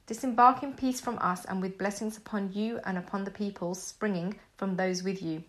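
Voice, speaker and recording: A woman reading a translated scripture aloud in a measured, solemn way. She reads the quoted speech in her own voice. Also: mid-range voice. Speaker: scripture reader.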